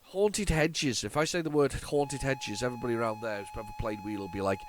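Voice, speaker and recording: Speaking quickly in a sing-song, mid-range voice, this retro gaming host sounds stuffed up and congested. His casual gameplay talk rambles along, often restarting and repeating words.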